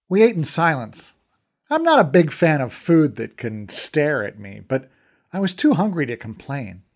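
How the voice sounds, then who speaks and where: Guy reading a fantasy audiobook, wry and chatty, pitch swings a lot. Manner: wry, casual, lively storytelling. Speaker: narrator. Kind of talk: first-person fantasy audiobook narration.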